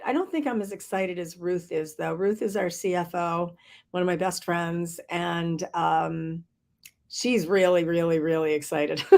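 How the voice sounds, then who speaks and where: A woman's voice: fairly low pitch, gravelly. A woman leading a workshop, talking casually from her office with frequent laughs, fillers and restarts. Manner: chatty, laughs often, many fillers and restarts. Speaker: workshop leader. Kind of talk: casual spoken update to a group. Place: her office with big windows.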